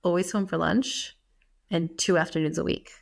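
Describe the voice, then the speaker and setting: A woman's voice: fairly low pitch, fairly even intonation, moderate pace, vocal fry. An American woman in her thirties co-hosting a podcast, chatting casually with many fillers and frequent laughs. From United States. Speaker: podcast co-host. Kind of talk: casual chat.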